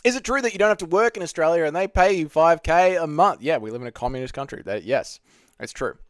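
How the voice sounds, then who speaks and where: A man's voice: fairly high pitch, lively intonation, quick pace, no echo, studio quality. A man hosting a casual livestream, reading viewer questions aloud and joking through his answers from home. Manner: jokey, reads chat questions aloud and riffs on them. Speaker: livestream host answering chat.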